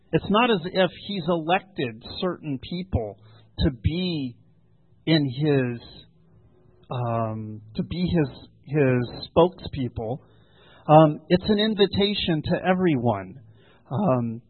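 Male preacher, slightly high voice, dry close sound, measured delivery with many pauses. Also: lively intonation, slightly rough, no room sound. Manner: measured, frequent ums and pauses, explaining scripture. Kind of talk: sermon. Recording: dry, tinny phone-like sound.

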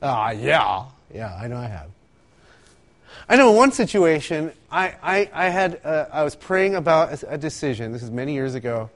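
Lively high-voiced man preaching. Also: moderate pace. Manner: animated storytelling, acts out quotes, laughs often. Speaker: pastor. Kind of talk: sermon.

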